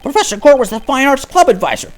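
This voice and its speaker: A gamer putting on a boisterous teenage boy from a video game, yelling everything in a high, strained voice. He is loud, eager and endlessly enthusiastic, with faint music underneath. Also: very animated, fast. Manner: shouting, boisterous.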